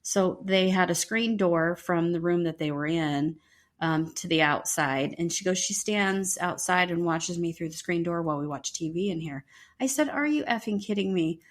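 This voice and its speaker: Middle-aged woman telling a spooky story on a podcast, animated, does everyone's voices. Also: lowish voice, normal speed. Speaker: podcast co-host. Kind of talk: casual storytelling.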